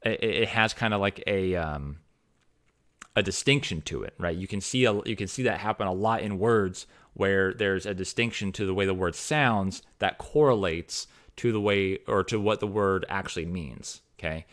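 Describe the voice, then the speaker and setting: A man's voice: deep voice, normal speed, a bit bright. A man, a fantasy author giving his opinions in a rambling, casual monologue full of restarts and fillers.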